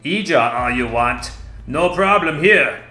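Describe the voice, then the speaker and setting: A man's voice: on the high side, lively intonation, a little slow, bright, forceful tone, faint music behind, voice pushed up. A man voicing a burly, middle-aged male village smith who speaks in gritty, accented, broken phrases in a storybook reading, in an echoey room. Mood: gruff.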